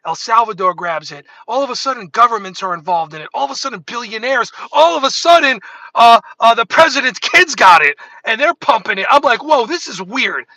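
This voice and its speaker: Animated, high, bright-voiced man chatting. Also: a little fast, gravelly, no echo. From New York State. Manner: rambling, animated, self-interrupting. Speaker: livestream host. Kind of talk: casual talk to camera.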